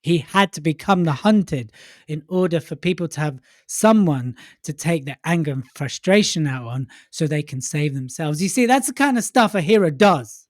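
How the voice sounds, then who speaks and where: A man co-hosting a podcast in casual chat, playful, tossing in quick asides. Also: fairly high pitch, animated, no room sound, studio quality. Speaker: podcast co-host.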